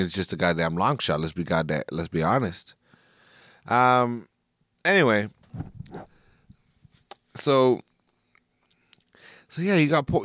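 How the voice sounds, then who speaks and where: A lower-voiced American man talks alone into the mic as a podcast host. He rants with frustration, swears constantly and trips over his own restarts. The sound is dry and close, with no room around it. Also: a bit bright, no echo. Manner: profane, frustrated, ranting with frequent restarts. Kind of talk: solo casual podcast rant.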